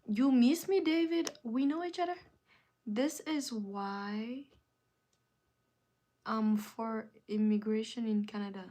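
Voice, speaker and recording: A woman's voice: a little high, slow pace, long pauses, dark tone. A woman hosting a live stream in casual chat, answering viewer comments with emphatic, repeated phrases.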